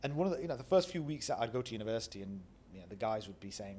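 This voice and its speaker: A middle-aged man from Bradford with a Northern English accent, telling animated stories as an interview guest and acting out the voices of people he quotes. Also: lowish voice, rapid-fire, few pauses, a little hiss or hum. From Bradford, England. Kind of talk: reflective storytelling interview.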